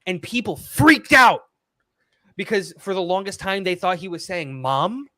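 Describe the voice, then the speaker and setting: A man's voice: high voice, very animated, a little slow, sharp tone, no room sound, studio quality. A man co-hosting a casual livestream chat, rambling and filling gaps with "um" and "like".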